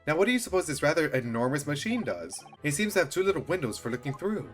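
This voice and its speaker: A man voicing a pompous, eccentric gentleman detective from a video game, with grand formal delivery. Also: a little high, big pitch swings, fast talker, faint music behind. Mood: theatrical.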